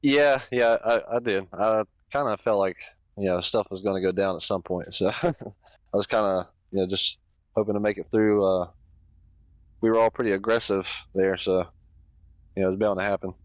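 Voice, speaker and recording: A man, a racing driver, answering post-race questions in an easygoing, halting way. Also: lowish voice, steady tone, no room sound. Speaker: racing driver, third place. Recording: dull, dry lo-fi line.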